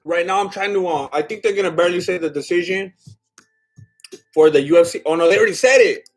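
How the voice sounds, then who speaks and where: Reading out viewer comments between bites, a livestream host runs a relaxed watch-along, chatting in a somewhat scattered way and laughing a lot. His voice sits high and he speaks fast.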